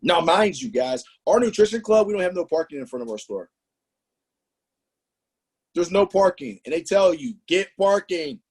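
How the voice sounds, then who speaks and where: A man leading a motivational sales training, emphatic and animated, throwing out rhetorical questions and slang. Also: a little high, moderate pace, pauses often, slightly rough. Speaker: business trainer presenting to a team.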